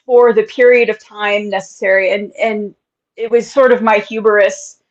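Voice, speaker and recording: A woman's voice: mid-range voice, fairly even intonation, moderate pace. A woman author in a casual interview, talking candidly and often laughing. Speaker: author guest. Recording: dull lo-fi sound.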